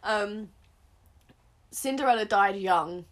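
A woman co-hosting a casual book discussion, wry and quick to laugh, mostly giving short replies and jokes. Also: mid-range voice. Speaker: podcast co-host.

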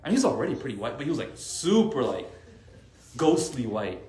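Lively man telling a faith-circle story. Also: medium pitch, brisk, reverberant. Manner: animated storytelling with many "like" fillers. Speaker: Arabic teacher leading a faith circle. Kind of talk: casual religious talk.

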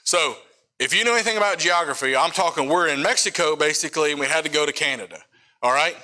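Male missionary preacher, middle-aged, bright tone, chatty storytelling sermon with asides to the crowd. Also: on the high side, quick pace. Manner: casual storytelling with frequent asides to the audience. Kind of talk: sermon testimony.

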